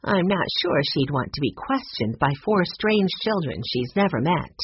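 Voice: medium pitch, very animated, normal speed, slight background noise. A narrator doing a cautious, kindly aunt. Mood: hesitant. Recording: dull lo-fi recording.

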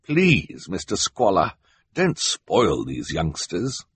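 A man's voice: low-pitched, wildly swooping pitch, slow pace, husky, no echo, exaggerated voice. A man doing a stuffy, coughing banker. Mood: disapproving. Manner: stiff, disapproving, coughs often. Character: stuffy, fussy middle-aged male banker.

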